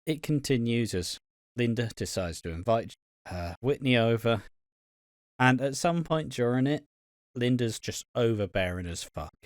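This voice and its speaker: A man's voice: medium pitch, lively intonation, a little slow, no room sound, clean studio sound. A young man co-hosting a podcast, teasing his co-host in sweary banter. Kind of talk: casual chat.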